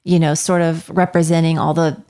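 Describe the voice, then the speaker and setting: Gushing woman with a lowish voice. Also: level tone, brisk. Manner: warmly enthusiastic, gushing. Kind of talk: casual conversation.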